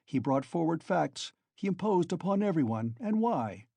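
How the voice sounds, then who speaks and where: A man's voice: a little high, very animated, moderate pace, creaky, mellow, dry recording, exaggerated voice. A man voicing a sly, genial male investigator who talks in a fussy, insinuating way. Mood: musing. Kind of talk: audiobook character reading.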